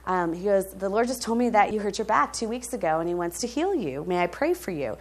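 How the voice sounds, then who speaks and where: A woman preaching, telling a testimony story in an animated way, laughing often and checking in with her listeners. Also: mid-range voice, brisk.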